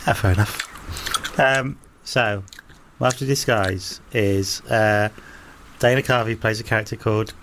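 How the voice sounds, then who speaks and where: A man's voice: on the low side, steady tone, a little slow, a bit bright, slight background noise. A man co-hosting a casual podcast chat, easygoing and amused. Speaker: podcast co-host.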